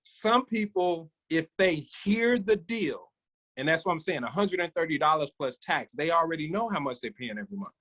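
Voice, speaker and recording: Guy running a sales training on a video call, lively, calls on folks by name, slightly high voice. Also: moderate pace, low-quality recording. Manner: energetic coaching, addresses listeners by name. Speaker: sales team leader and trainer.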